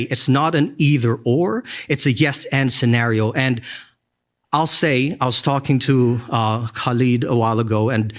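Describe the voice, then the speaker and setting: A young man giving an earnest, emotional graduation speech as an alumni speaker, often tagging lines with "right?". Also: mid-range voice.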